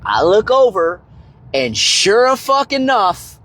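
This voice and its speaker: A young man casually telling a story on a livestream, rambling and swearing, tagging "right?" onto his lines, his voice leaping high when excited. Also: a little slow. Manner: rambling, profane, constant "right?" tags. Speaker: fitness and finance creator.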